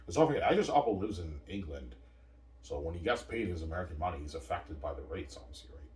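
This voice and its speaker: A man's voice: low-pitched, sing-song, fast talker, darkish tone. A man in a casual, rambling monologue, boastful and repetitive, recorded from a distance in a roomy space. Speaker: vlogger.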